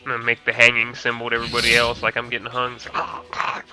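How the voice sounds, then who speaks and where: A man's voice: medium pitch, completely flat delivery, sharp tone, soft background music. A man playing a tabletop game, joking and teasing in a playful way. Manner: playful, teasing, quick to laugh. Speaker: player.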